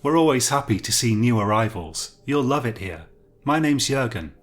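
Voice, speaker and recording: A man's voice: medium pitch, expressive, moderate pace, close to an everyday voice. A man voicing a hearty, welcoming young man.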